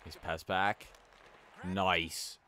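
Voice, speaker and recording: A man with a very low voice talks through his video game session in a loose, rambling way. He breaks off often to react to what happens on screen. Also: flat delivery, bright, forceful tone, some chatter behind. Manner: rambling, chatty, quick reactions to play. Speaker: let's play host. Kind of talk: casual video game commentary.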